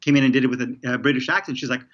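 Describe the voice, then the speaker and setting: A man's voice: medium pitch, steady tone, rapid-fire, a bit bright. Rambling man, muffled lo-fi audio. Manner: rambling, many restarts and fillers. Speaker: TV showrunner guest. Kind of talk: casual interview conversation.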